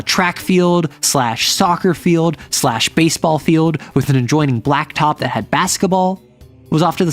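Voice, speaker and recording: A man casually recapping a tabletop campaign he runs, rambling along with plenty of "like"s and little restarts. His voice sits a bit higher than most men's. Light music plays faintly underneath. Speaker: game master.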